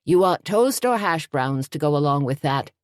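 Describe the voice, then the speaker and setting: A woman voicing a brisk café cook who speaks in a matter-of-fact way. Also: sits low, expressive, no room sound, clean studio sound.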